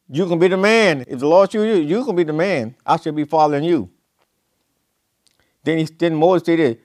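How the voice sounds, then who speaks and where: Preacher guy, folksy storytelling, voice way up high and jumping around. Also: sing-song, normal speed, long pauses, no echo, clean studio sound. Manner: call-and-response preaching, rising to emphatic peaks. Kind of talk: sermon.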